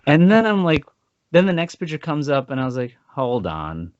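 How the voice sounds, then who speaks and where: A man's voice: a little high, moderate pace, no echo, highs cut off. A man co-hosting a podcast, telling a story with laughs and acting out what people said. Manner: animated, laughing, acts out quotes. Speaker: podcast co-host. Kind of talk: casual storytelling chat.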